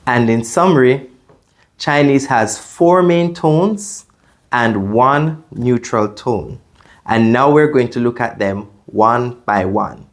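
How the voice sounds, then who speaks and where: A man teaching a beginner language lesson, explaining clearly and patiently and demonstrating sounds by repeating them. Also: medium pitch, takes it slowly.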